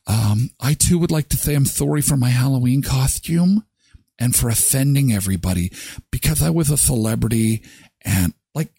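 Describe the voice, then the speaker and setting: A man mimicking an apologetic young woman celebrity, in a halting and mock-sincere way. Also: mid-range voice, lively intonation, creaky, dark tone, breathy edge, no room sound.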